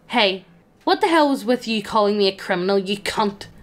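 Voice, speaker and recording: A woman's voice: mid-range voice, expressive, normal speed, natural voice. A woman voicing an indignant male skeleton who snaps and scolds in exasperation. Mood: annoyed.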